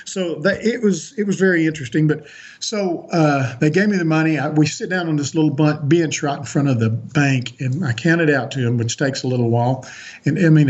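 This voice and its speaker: Guy telling his own story on a podcast, kinda raspy, restarts a lot, muffled audio. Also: a little high, darkish tone. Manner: earnest, eventful storytelling with frequent restarts. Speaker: podcast guest. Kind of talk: recounting a personal story in an interview.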